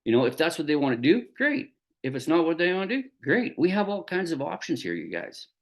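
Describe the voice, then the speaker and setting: Lively, folksy male business storyteller. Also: a little high, a little fast. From Canada. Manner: folksy and conversational, acts out dialogue. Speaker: network marketing business trainer. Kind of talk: casual motivational talk with storytelling.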